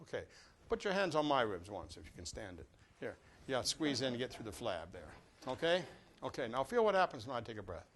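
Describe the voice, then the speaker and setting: Lively older man coaching a class. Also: mid-range voice, brisk. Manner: lively, joking, coaching a group through breathing exercises. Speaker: brass clinician teaching a master class. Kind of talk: live master class instruction to students. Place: classroom or rehearsal room with a live audience.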